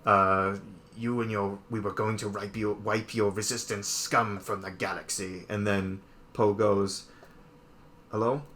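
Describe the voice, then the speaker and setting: A man's voice: fairly low pitch, flat delivery, a bit bright, slight background noise. Rambling man retelling a movie. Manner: rambling retelling full of "like" and quick put-on quotes. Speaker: podcast co-host. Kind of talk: casual chat.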